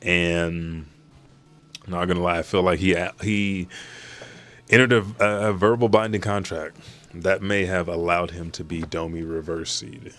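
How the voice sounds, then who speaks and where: A man hosting a live reaction to a manga chapter. He recaps it in an excited, profane and rambling way. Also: low voice, a little slow.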